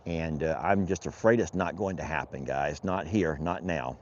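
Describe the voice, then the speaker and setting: A man's voice: extremely low pitch, normal speed, a little mellow, a little hiss or hum. A man, a rancher vlogging casually outdoors as he does his chores, talking in a folksy, rambling way and chatting to his animals. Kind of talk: casual vlog narration while doing chores. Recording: dull lo-fi outdoor recording.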